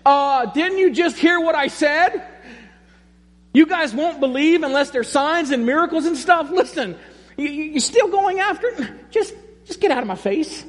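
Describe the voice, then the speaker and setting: Preacher putting on a snippy, dismissive man, pitched high, sarcastic, echoing hall. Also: lively intonation, normal speed. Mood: scornful. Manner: sarcastic, curt, mocking. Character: impatient, dismissive grown man brushing someone off. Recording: long reverb in a large hall.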